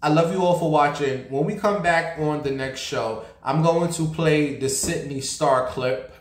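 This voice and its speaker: A man's voice: a little high, unhurried. Sassy guy hosting a gossip show, swears a lot, roomy echo. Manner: sassy, blunt and profane. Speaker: show host. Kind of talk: casual gossip commentary.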